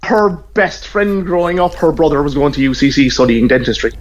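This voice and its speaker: A man's voice: on the high side, expressive, fairly quick, muffled recording. Chatty Cork man telling a story. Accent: Cork Irish. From Ireland. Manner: chatty, anecdotal, self-deprecating. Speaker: guest. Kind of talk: casual interview.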